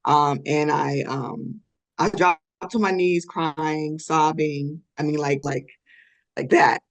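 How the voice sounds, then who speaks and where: A middle-aged woman telling a personal story in a podcast interview, earnest, with many fillers and soft laughs. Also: deep voice, steady tone, takes it slowly, vocal fry.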